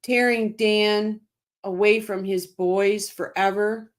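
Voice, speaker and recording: Slow-talking woman hosting a livestream. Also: medium pitch, fairly even intonation. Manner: emphatic and impassioned, repeats phrases, apologizes for getting heated; reads out and answers viewer comments by name. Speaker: livestream host reading viewer comments. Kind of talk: casual live-stream commentary.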